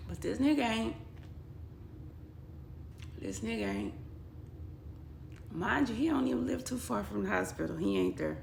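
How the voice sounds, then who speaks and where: Gravelly-voiced woman telling her own story. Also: fairly high pitch, animated, measured pace, long pauses. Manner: blunt and emotional, quotes others in dialogue. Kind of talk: personal storytelling vlog. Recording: echoey room with faint background noise.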